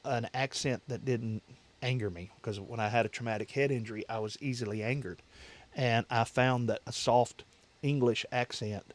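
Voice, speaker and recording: A man hosting a casual livestream chat, rambling and repeating himself as he answers viewers with easy laughs. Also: mid-range voice. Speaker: livestream host.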